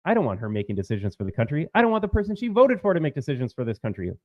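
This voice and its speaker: A sarcastic American man delivering heated commentary, his pitch swinging widely from line to line. The sound is dry and a little dull, with no room around it. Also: huge pitch swings, racing, dry recording. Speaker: political commentary host. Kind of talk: commentary on clips.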